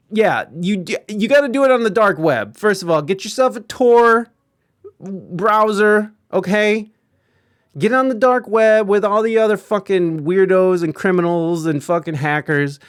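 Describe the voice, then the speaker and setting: High-voiced guy ranting on his stream, swears a lot, does little voices. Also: no room sound, clean studio sound. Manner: profane, animated, acts out quoted voices. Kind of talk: casual live-stream commentary.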